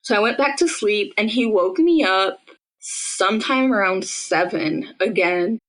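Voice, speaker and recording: A woman's voice: medium pitch, expressive, unhurried, rough recording. Young woman telling her story casually. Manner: casual and conversational, with frequent "like". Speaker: podcast interviewee recounting her own experience. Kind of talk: personal storytelling in an interview.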